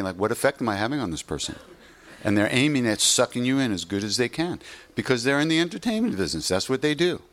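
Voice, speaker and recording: A man's voice: medium pitch, a bit bright. A man giving an informal spiritual teaching talk in a loose, conversational way, often saying "you know".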